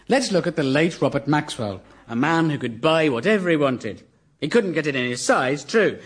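A man's voice: a little high, noisy background. A man, a comedian, giving a satirical mock lecture in a dry, ironic, mock-formal manner. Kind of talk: satirical stand-up lecture before a live audience.

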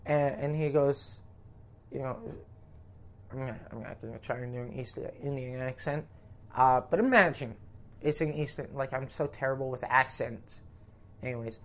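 A man's voice: mid-range voice, normal speed, fairly bright tone. A man with a Canadian accent, a comedian telling a rambling, profane road-trip story in casual podcast talk. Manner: rambling, profane, self-interrupting.

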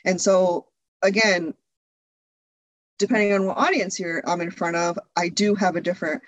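A woman's voice: lowish voice, fairly even intonation, moderate pace, dry recording, poor audio. A woman being interviewed as a video creator, chatting candidly with frequent laughs and lots of restarts.

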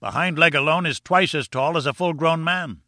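A man's voice: moderate pace, bright, forceful tone, no room sound, clean studio sound. A man voicing a pompous, contemptuous older male professor who lectures in a triumphant, scornful way. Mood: lecturing. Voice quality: booming and scornful.

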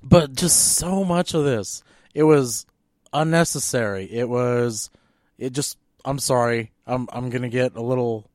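A man co-hosting a movie podcast, ranting in an animated, exasperated way with lots of fillers. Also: medium pitch, measured pace, no echo, clean studio sound. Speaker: podcast co-host. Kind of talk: casual movie-rant chat.

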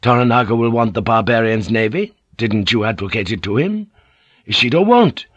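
A man reading an audiobook, voicing a loyal, shrewd samurai vassal who argues in an earnest, quietly authoritative way. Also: medium pitch, expressive, moderate pace, husky, dry recording, dull audio. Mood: persuasive.

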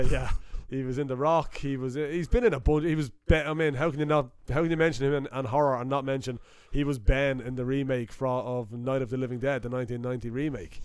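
A man's voice: mid-range voice, steady tone, fairly quick, few pauses, smooth, no room sound, clean studio sound. A man, casually chatting as a podcast host and telling stories with lots of fillers. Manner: chatty storyteller, many fillers, laughs easily. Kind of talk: casual chat.

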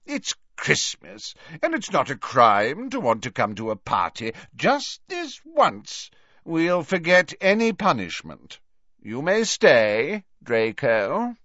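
Man playing a jovial old professor, drawn-out fruity vowels, raised pitch, dry dull audio. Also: huge pitch swings, fairly bright tone, no echo, heavily acted. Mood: indulgent.

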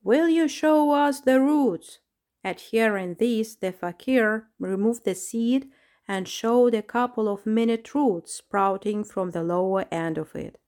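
A woman reading a storybook aloud at an even, steady pace. Her voice sits at a middle pitch for a woman, plain and clear for narration.

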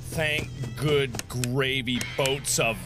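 A man giving let's-play commentary in loud, profane outbursts and frustrated shouting. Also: medium pitch, fairly even intonation, extremely slow. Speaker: gamer. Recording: clear game music under the voice. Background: game music.

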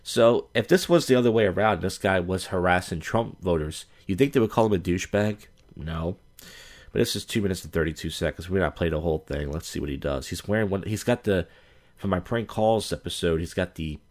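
A man with a low, deep voice hosts a podcast in a loose, rambling way. His talk is crude and blunt, and he often stops and restarts his sentences while he sets up clips. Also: fairly quick. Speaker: podcast host. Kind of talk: casual podcast commentary.

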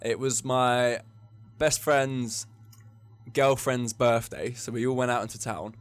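A young man from England co-hosts a podcast, telling rambling drinking stories in casual chat and laughing often. His mid-range voice is smooth and steady, and he takes his time.

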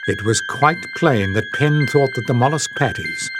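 A man reading a fantasy audiobook aloud in scripted narration, with even, measured storytelling. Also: mid-range voice, music in the background.

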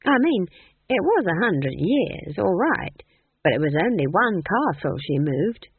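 A woman's voice: mid-range voice, very animated, a little slow, husky, no echo, full character voice. A reader voicing a cheerful, coaxing old witch with an earthy, bawdy manner. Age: older. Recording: tinny, dry phone-like audio.

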